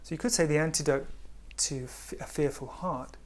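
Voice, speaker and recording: A man giving a spiritual talk in a gentle, unhurried way, often dropping to a hush. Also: on the high side. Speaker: spiritual teacher.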